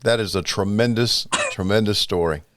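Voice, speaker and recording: A man's voice: lowish voice, moderate pace, fairly bright tone. A man hosting a podcast, reading a listener question and agreeing with his guest in short casual replies. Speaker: podcast host. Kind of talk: casual interview chat.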